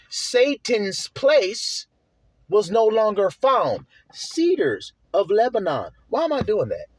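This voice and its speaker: A man's voice: a little high, dry recording. A man preaching a sermon, reading scripture aloud and breaking in with questions to his listeners, in a blunt, casual manner with slang and swearing, stretching out key words for emphasis.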